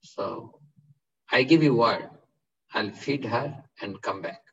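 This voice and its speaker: A man voicing a devoted mother cow in a told story, speaking gently and earnestly. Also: mid-range voice, takes it slowly, gravelly, breathy edge, exaggerated voice. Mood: pleading. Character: devoted mother cow pleading to be spared briefly. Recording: distant dull lo-fi.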